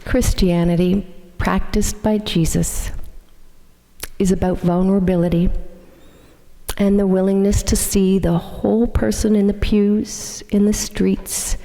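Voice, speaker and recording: A woman minister delivering a sermon, telling a story in a measured, gentle way. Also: medium pitch, little pitch movement, creaky. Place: church sanctuary. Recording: long hall reverb in a church.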